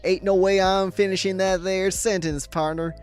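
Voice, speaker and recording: A man's voice: high voice, level tone, normal speed, smooth, voice pushed up, lightly acted. A man putting on a put-on cowboy drawl as a bossy ranch-owner cowboy, folksy and drawling.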